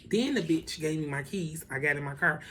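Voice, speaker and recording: A woman telling a story in a casual vlog, animated and profane, with lots of asides to the viewers. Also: sits low, brisk, a little hiss or hum. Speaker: vlogger.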